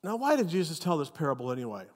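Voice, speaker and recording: A male pastor preaching a sermon with animated, emphatic storytelling. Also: a little high, very fast, big-room sound.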